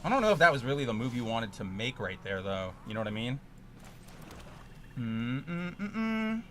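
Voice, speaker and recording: A man streaming a card game, ranting and swearing, with sudden loud outbursts in casual chat. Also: mid-range voice, animated, fast talker, a little hiss or hum.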